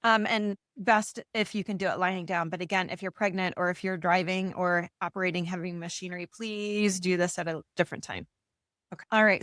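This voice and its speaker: A woman facilitating breathwork, giving slow, soothing guidance over a video call. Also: fairly low pitch, fairly even intonation, fairly bright tone, no room sound, studio quality. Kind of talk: guided breathwork instruction.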